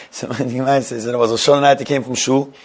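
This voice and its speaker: A man giving an informal Torah class, telling stories in a halting, conversational way and laughing now and then. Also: medium pitch, fairly even intonation, a little mellow.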